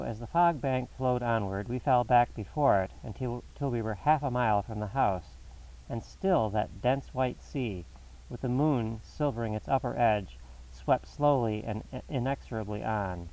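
A man reading a classic novel aloud as a narrator, in a measured, dramatic storytelling manner. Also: medium pitch, darkish tone, distant mic, poor audio. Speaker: audiobook narrator.

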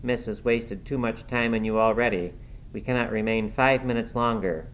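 Brisk scolding housekeeper, middle-aged, blunt, put on by a male audiobook reader. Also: mid-range voice, steady tone, a little hiss or hum, natural voice, low-quality recording. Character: stern no-nonsense middle-aged housekeeper woman. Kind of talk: audiobook reading.

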